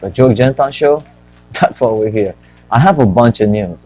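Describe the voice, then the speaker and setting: Rambling low-voiced man hosting a show. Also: big pitch swings, takes it slowly, long pauses, darkish tone, breathy edge, low-quality recording. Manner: rambling and joking, talks to himself. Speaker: show host. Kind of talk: casual solo stock-market talk.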